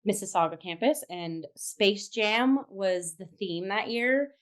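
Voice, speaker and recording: A woman's voice: medium pitch, animated, slow. A bubbly young woman chatting casually as a regular panelist on a talk show. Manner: bubbly, playful. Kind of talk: casual chat.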